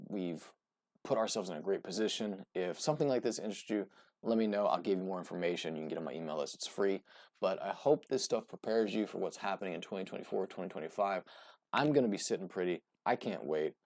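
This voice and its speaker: A man's voice: low-pitched, vocal fry, a little mellow, no echo, clean studio sound. A man hosting a casual market commentary. He rambles with lots of fillers and keeps checking in with "right?". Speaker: host.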